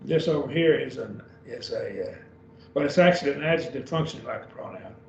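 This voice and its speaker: Over a video call, a man teaches a beginner Greek class slowly and patiently, repeating each word. His mid-range voice is expressive, a little mellow and marked by vocal fry, while the recording sounds dull, roomy and distant with faint hiss.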